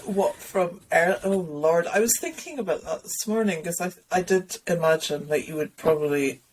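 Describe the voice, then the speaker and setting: A woman with a notably low voice chats in a loose, self-mocking way, full of restarts and little laughs. She sounds like she is on a home video call, with a faint hiss behind her. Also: moderate pace, darkish tone, low-quality recording. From Scotland. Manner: chatty and self-deprecating, rambling with restarts and laughter. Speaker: interview guest, children's author and illustrator. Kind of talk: relaxed conversational interview.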